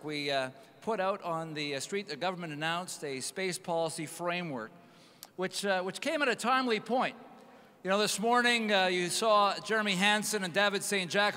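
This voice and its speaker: Male agency head, high bright clear voice, emphatic keynote in an echoey hall. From Canada. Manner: upbeat, emphatic, frequent fillers. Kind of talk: conference speech. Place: large conference hall.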